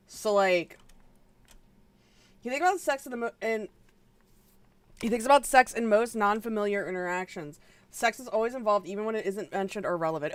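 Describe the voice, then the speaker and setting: A woman's voice: a little high, normal speed, pauses often, dry recording. A woman streamer giving blunt, swearing reaction commentary while she plays a game. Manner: animated, swears a lot, blunt.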